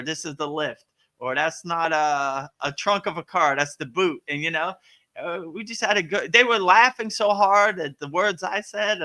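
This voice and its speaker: A man's voice: a little high, sharp tone. A man hosting a live yoga Q&A, chatting casually and laughing often, with lots of "you know" and "right". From United States. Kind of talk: casual livestream chat and spiritual teaching.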